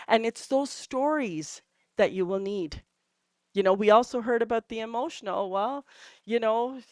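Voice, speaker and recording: A woman's voice: a little high, no room sound, clean studio sound. A middle-aged woman from Canada telling personal testimonial stories to a group in a chatty way, with many fillers and laughing at herself. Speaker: entrepreneur sharing testimonials. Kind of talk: casual storytelling to a group.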